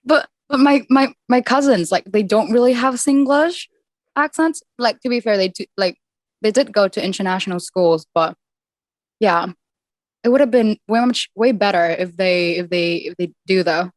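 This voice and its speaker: A woman's voice: mid-range voice, normal speed, dry recording. A young woman with an accent that blends American and British, chatting casually as a podcast host. She giggles, mocks herself and restarts sentences often. The sound is dry and close, with no room around her. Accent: mixed American and British. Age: young adult. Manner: giggly, self-mocking, with frequent restarts. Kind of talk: casual chat.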